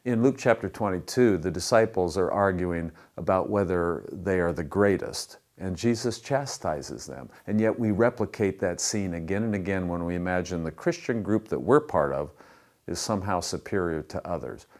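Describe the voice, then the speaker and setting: A man's voice: low-pitched, lively intonation, normal speed, a little mellow. A male pastor giving a conversational sermon that mixes in jokes.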